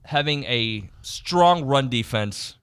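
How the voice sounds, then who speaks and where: A man's voice: mid-range voice, smooth. A man hosting a casual sports talk radio show, animatedly reading out team stats and quizzing his co-host. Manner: animated, reads stats off quickly. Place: radio studio.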